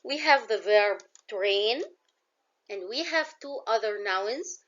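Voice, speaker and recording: A woman's voice: mid-range voice, expressive, slow, muffled recording. A woman with an Egyptian accent teaching a classroom English vocabulary lesson. She explains words in English and glosses some of them in Arabic.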